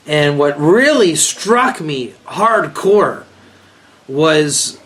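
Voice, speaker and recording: A man's voice: a little high, extremely slow. A man, a rabbi, giving a rambling, joking informal lecture to a small group and asking them questions. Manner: rambling, joking, animated, asks the audience questions.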